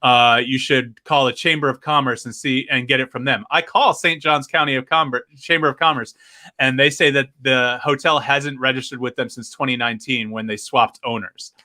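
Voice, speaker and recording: A man's voice: medium pitch, steady tone, normal speed, pushed and bright. A man on a podcast telling a long complaint story, acting out both sides of a phone call. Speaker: podcast host. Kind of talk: casual podcast chat.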